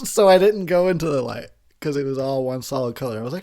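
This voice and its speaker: A man's voice: sits high, fairly quick, few pauses. A man, drunk, giving a rambling, crude commentary over a movie, laughing often as he talks.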